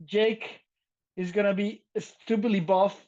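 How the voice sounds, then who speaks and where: A man co-hosting a podcast, talking loudly and excitedly in casual chat and laughing often, with a slight lilt. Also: high-pitched, takes it slowly, dull audio. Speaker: podcast co-host.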